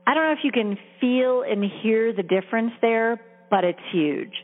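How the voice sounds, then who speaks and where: A woman career coach talking in an earnest, encouraging, conversational way, heard over a tinny phone-like line with long reverb. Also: mid-range voice. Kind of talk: coaching talk.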